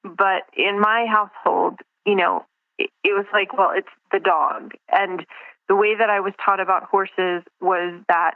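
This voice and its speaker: A woman's voice: medium pitch, steady tone, a little slow, vocal fry, no echo. A woman guest talking reflectively in an interview, searching for words and restarting her sentences. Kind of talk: casual interview over the phone. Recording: tinny dry phone line.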